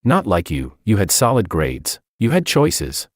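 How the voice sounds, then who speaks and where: A man's voice: fairly low pitch, wildly swooping pitch, unhurried, no room sound, clean studio sound, full character voice. A man voicing a flustered young woman who rambles nervous excuses. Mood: frantic.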